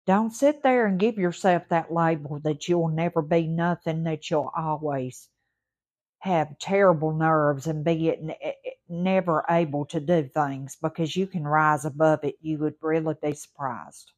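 A woman's voice: deep voice, measured pace. Southern woman with a folksy, emphatic podcast voice. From Mississippi Gulf Coast. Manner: warm, folksy, emphatic and repetitive. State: recovering from surgery, a little short-winded. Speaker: podcast host. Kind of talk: encouraging motivational podcast talk.

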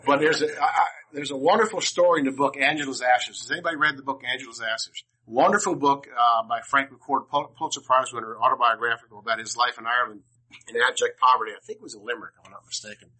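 Forceful, husky older storyteller. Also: male voice, mid-range voice, steady tone, fast, poor audio. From Washington, D.C. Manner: rambling, self-interrupting, humorous. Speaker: speaker to a class. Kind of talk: personal storytelling talk.

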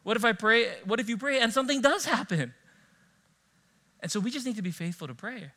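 A man preaching a sermon as pastor, telling personal stories in an animated way and acting out the dialogue. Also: very high voice, brisk. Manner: animated storytelling, acting out dialogue, frequent laughs.

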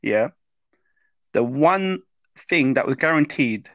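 A man's voice: medium pitch, lively intonation, takes it slowly, a bit bright, no echo, muffled recording. Male teacher type, plain mid voice, explains and checks in often, dry recording. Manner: explanatory, checks in with "yeah?" and "does that make sense?". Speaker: mindset teacher. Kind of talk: interview explanation.

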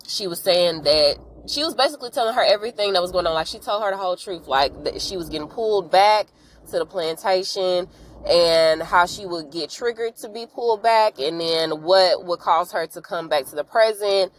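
A chatty woman hosts a podcast, casually recapping a TV episode with animated storytelling and frank, slangy asides, acting out characters' lines in quick voices. Her voice is on the low side, and the audio is poor with slight background noise.

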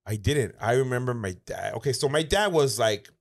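Mexican American man, middle-aged, casual podcast host, lively storyteller who acts out voices and swears, pitch jumping around a lot. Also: moderate pace. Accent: Mexican American English with Spanish phrases. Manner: animated, acts out voices in quotes, swears freely.

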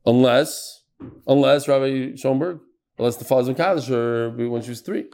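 A man's voice: medium pitch, moderate pace, vocal fry, a little mellow. A man teaching a Talmud class, reading the text in a sing-song lilt and questioning his students.

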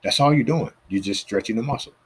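A man's voice: medium pitch, fast, breathy edge. A man hosting a podcast, giving fitness advice in a casual storytelling monologue and acting out the people he quotes. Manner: animated, acts out the people he quotes.

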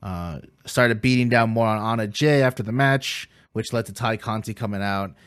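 A man with a somewhat low voice recaps matches on a podcast, filling pauses with plenty of uhs and ums. He laughs easily, and his voice comes across close and dry, with no room sound. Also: fairly bright tone, smooth, dry recording. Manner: laughs easily, many fillers. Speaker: podcast co-host.

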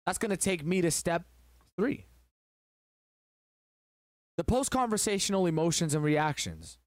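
A man's voice: high voice, lively intonation, unhurried, no echo, studio quality. Man giving emphatic relationship advice. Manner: emphatic, preachy storytelling.

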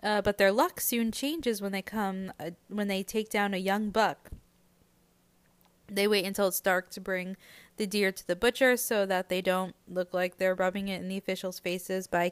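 A woman hosts a casual book podcast, talking through the chapters in a loose, chatty manner. Her voice is smooth and clear, recorded dry and close with no room sound. Her pitch sits in an ordinary middle range. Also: fairly even intonation, moderate pace, dry recording. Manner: chatty, conversational, frequent "uh" and "like".

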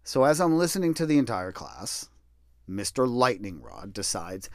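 A middle-aged man telling a personal story in a casual, blunt way, swearing and mocking himself, jumping from loud bursts to low mutters. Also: wildly swooping pitch, normal speed, no room sound. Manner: profane, blunt and self-deprecating.

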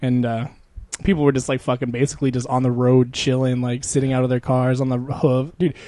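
A man's voice: medium pitch, level tone, fairly quick, mellow, no echo. A young man chatting casually with a friend, rambling, swearing a lot and laughing often. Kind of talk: casual chat.

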